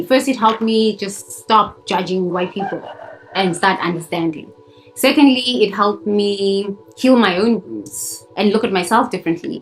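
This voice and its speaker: A woman's voice: mid-range voice, poor audio. Fiery woman preaching self-help. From South Africa. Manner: emphatic, blunt and fiery, with swearing and repetition. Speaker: spiritual coach. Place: outdoors in bright sun.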